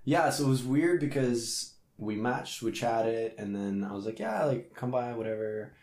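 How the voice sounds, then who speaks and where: A man hosting a podcast and doing stand-up, talking in a casual, joking way with animated storytelling and self-mocking banter. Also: mid-range voice, normal speed. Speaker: podcast host and stand-up comedian. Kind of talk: casual chat. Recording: roomy echo.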